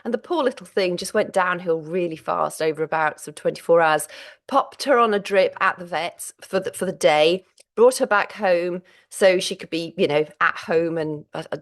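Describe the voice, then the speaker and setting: Weary, tearful middle-aged woman vlogging. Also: lowish voice. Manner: candid and halting, with many restarts. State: physically and mentally exhausted; close to tears. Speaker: menopause vlog host. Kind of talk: personal vlog catch-up.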